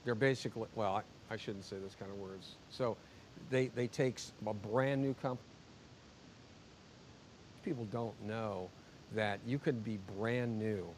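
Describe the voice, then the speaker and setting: A man's voice: on the low side, measured pace, long pauses, darkish tone, slight background noise. Rambling man co-hosting a livestream. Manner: loose, rambling, restarts sentences. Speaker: co-host. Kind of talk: casual livestream chat.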